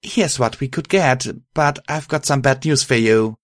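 A man's voice: mid-range voice, unhurried, no echo, voice pushed up, close to an everyday voice. A determined pony hero who leads the group and speaks with firm, earnest resolve, as a man voices him. The voice is lifted above the plain narration, recorded dry and close.

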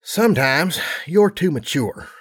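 A man voicing a weary mother mare pony, gruff but loving, in a low tired plain delivery. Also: animated, measured pace.

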